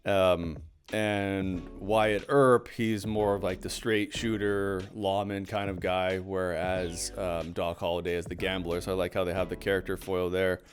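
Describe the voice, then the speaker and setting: A man's voice: deep voice, flat delivery, unhurried, faint music behind. A young man co-hosting a casual film chat, rambling with many fillers and restarts. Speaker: podcast co-host.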